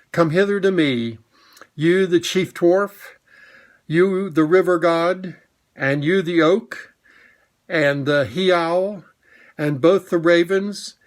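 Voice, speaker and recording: A man playing a solemn lion king. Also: fairly high pitch. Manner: slow, solemn, commanding. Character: majestic wise male lion king.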